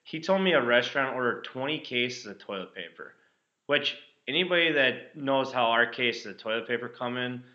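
A man's voice: medium pitch, normal speed, echoey room. A man co-hosting a casual podcast chat, swearing freely and telling stories with energy. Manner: swears freely, animated storytelling. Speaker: podcast co-host. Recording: slightly dull lo-fi audio.

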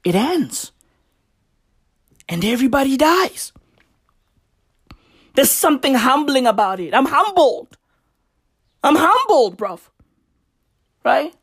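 A high-pitched woman, full of slang and swearing, who rants comedically. She takes her time over each line and keeps her voice bouncing widely between low musing and loud, sing-song outbursts. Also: big pitch swings, slow, pauses often. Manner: profane, slangy, swings from musing to shouting and sing-song chanting. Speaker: comedic commentator. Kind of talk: ranting comedic monologue.

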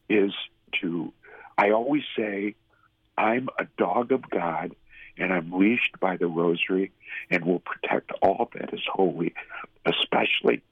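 A middle-aged man, a radio personality, telling a personal faith story in a halting, heartfelt way. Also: low-pitched, slightly rough, dry recording, phone-quality sound. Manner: halting storytelling with restarts, emotional. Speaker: guest, former radio host. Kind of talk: personal testimony in an interview.

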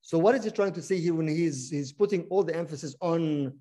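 A man's voice: on the high side, fairly quick, mellow. A man leading a Bible study, teaching interactively, often repeating words and asking the group questions.

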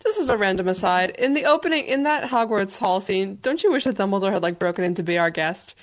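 A woman's voice: medium pitch, animated, fast talker. A woman hosting a podcast in giggly, chatty conversation. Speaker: podcast host. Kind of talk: casual chat.

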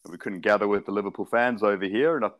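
A man, a sports broadcaster guesting on a casual podcast, speaking in a relaxed, articulate and measured way. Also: lowish voice. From born in South Africa, raised in Perth.

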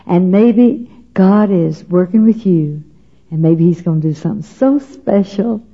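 Woman, middle-aged, funny animated storyteller on a lo-fi tape. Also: fairly low pitch, a little slow. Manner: animated, laughing, acts out voices. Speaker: speaker at a women's gathering. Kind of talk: humorous storytelling talk to an audience. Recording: dull lo-fi recording.

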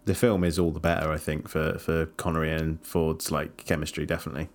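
A man's voice: very deep voice, flat delivery, brisk. A man co-hosting a casual film podcast who adds dry wisecracks and brief agreeing comments. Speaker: podcast co-host.

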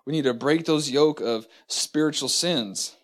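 Halting man teaching a church lesson. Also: on the high side. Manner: halting, many fillers and restarts; slow deliberate scripture reading.

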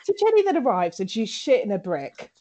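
A woman in casual comedic chat tells a story with a lot of energy and slips into different voices for the characters. Her voice sits a little high. She drives the recap as a co-host. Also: brisk, dull audio. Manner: animated storytelling, acting out characters. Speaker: podcast co-host recapping a TV episode.

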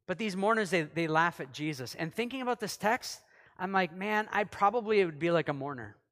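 Conversational pastor in an echoing hall. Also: male voice, sits high, animated, fairly quick. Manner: conversational, acts out quotes, swings loud and soft. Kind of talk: sermon. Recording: long hall reverb.

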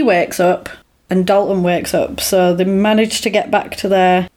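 Woman, casual chat, animated retelling, acts out voices. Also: mid-range voice, moderate pace. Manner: animated retelling, acting out lines with laughs. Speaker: podcast co-host recapping a film.

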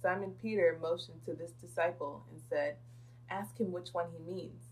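A woman in a Bible study group reading scripture aloud in a plain, steady voice. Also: fairly low pitch, normal speed, a little hiss or hum, rough recording.

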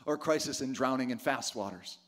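A man's voice: medium pitch, fairly quick. A middle-aged man preaching a sermon, emphatic, asking rhetorical questions and calling for responses from the congregation. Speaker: pastor.

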